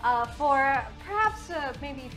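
A woman voicing an eager male Italian catacomb tour guide with a halting, put-on Italian accent. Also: high voice, expressive, a bit bright, soft background music, full character voice. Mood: apologetic. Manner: eager, halting, repeats words.

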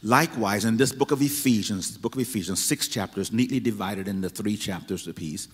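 A man's voice: lowish voice, fairly quick, slightly rough. Emphatic male pastor in a reverberant hall. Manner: repetitive, emphatic build-up. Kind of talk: sermon. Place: church sanctuary.

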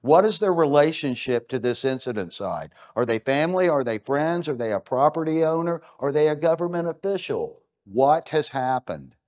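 A middle-aged American man delivers a conference keynote on an event stage, his fairly high, darkish voice moving in a sing-song pattern. He keeps a moderate pace with hardly any pauses, speaking punchily and emphatically and asking plenty of rhetorical questions.

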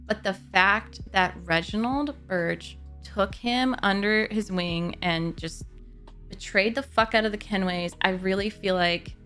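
A woman's voice: medium pitch, unhurried, a bit bright, soft background music. A woman YouTuber chatting casually to camera as a fan, gushing and rambling with frequent "like" and the odd swear word. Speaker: gaming YouTuber discussing a book.

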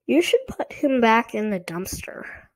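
A woman's voice: on the high side, very animated, measured pace, exaggerated voice. A woman voicing an impatient young girl in a storybook reading, speaking in a snappish, skeptical way.

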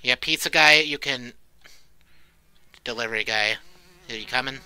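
A man's voice: mid-range voice, moderate pace, pushed and bright, smooth. A man commentating a horror game, jumpy, swearing often and shrieking when startled. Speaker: let's play creator.

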